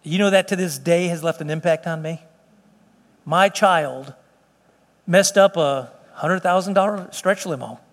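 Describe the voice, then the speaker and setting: A man with a notably high voice preaches a sermon, earnest and emphatic, with homely asides to the folks in the pews. His words ring out with a long reverberant tail, as though spoken in a large church sanctuary. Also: measured pace. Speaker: pastor. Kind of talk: sermon and closing prayer.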